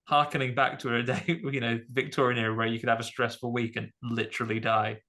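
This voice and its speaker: A man co-hosts a casual film podcast, riffing on scenes with quick comic asides. His voice is bright and sharp at a middle pitch. The talk is loose and playful. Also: level tone. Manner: jokey, riffs with comic asides. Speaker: podcast co-host.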